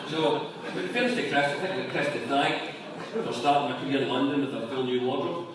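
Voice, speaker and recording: A man giving a deadpan, joke-filled after-dinner speech. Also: on the high side, moderate pace, long pauses, background noise. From Scotland. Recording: echoey room from far off. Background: audience laughter.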